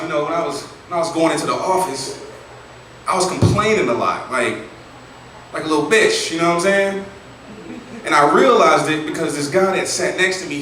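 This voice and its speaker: A male stand-up comedian rambling through his set in a loose, profane, chatty way, his voice swinging lively up and down. He sits fairly high for a man and is heard from a distance in a very echoey room with audience noise behind him. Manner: loose, profane, conversational storytelling. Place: live comedy venue.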